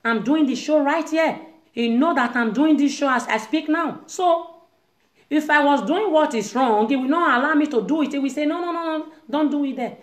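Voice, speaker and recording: Nigerian woman host, high voice, emphatic monologue, roomy sound. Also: normal speed. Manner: emphatic, acts out quoted voices, Nigerian Pidgin-tinged English. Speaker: online show host. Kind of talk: impassioned monologue. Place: room in a private house.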